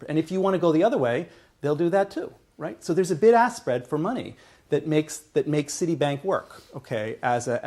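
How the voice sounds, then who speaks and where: A man's voice: fairly high pitch, darkish tone. A male lecturer explaining ideas step by step to a class, often checking in with "okay" and restarting phrases. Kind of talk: university lecture. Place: lecture hall.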